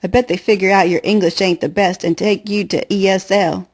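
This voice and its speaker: A woman's voice: mid-range voice, fairly even intonation, husky. A woman reading an audiobook, voicing a playful, confident girl who chatters and teases. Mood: chatty. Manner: fast bubbly chatter, teasing. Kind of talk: audiobook character voice.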